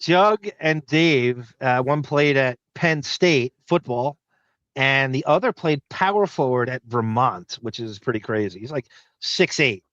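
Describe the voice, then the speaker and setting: A man co-hosting a podcast in casual chat, riffing and mocking with quick asides. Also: medium pitch, animated, fairly bright tone, no room sound, lo-fi sound. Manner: riffing, mocking, jumps into impressions. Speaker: podcast co-host.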